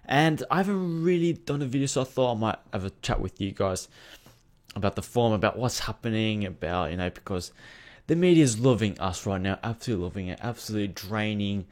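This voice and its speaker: A man's voice: fairly low pitch, a little fast. A young man vlogging to his channel, ranting in a casual, sweary and emotional way about his football team. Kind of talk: casual rant to camera.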